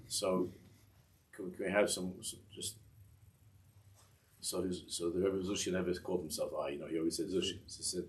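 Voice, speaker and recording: A man with a very low voice tells a Hasidic tale to a class. He rambles and keeps restarting his sentences, and he sits well back from a distant mic. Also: level tone. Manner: rambling, halting, with many restarts and asides. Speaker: Torah teacher. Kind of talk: telling a Hasidic story in a class.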